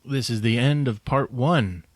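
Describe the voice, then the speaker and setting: A man of middle pitch co-hosts a casual podcast, chatting in a laid-back, playful way. His voice sounds dry and close to the mic. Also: measured pace, no room sound. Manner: laid-back, brief replies and playful sign-off. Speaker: podcast co-host.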